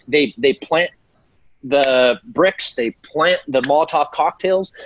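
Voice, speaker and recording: A man's voice: a little high, breathy edge, no room sound, lo-fi sound. A middle-aged American man speaking as an interview guest with passion, acting out other people's voices in mocking tones. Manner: animated, acts out quoted voices mockingly. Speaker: podcast guest. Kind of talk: impassioned interview talk.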